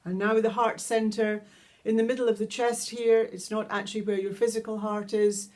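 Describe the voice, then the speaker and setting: A woman teaching a guided vocal toning lesson, calmly explaining each step and singing long vowel tones. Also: mid-range voice, normal speed. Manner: calm, instructive, demonstrates sustained vowel tones. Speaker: sound healing teacher.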